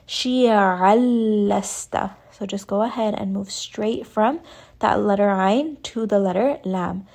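A woman teaching Quran recitation rules, explaining each sound slowly and carefully and demonstrating the examples herself. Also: medium pitch, creaky, a little mellow, breathy edge. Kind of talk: tajweed lesson with recited examples.

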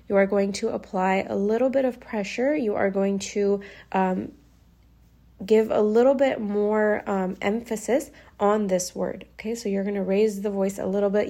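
A woman teaching recitation rules at a patient, measured pace. She goes over each point more than once and breaks into short recited demonstrations. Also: mid-range voice, warm tone. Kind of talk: step-by-step explanatory lesson.

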